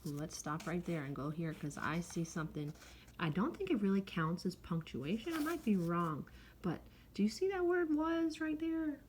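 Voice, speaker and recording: Lively woman reading aloud to kids. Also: lowish voice, normal speed, slight background noise. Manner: chatty, explains words, fillers like um and okay. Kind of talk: read-aloud lesson to children.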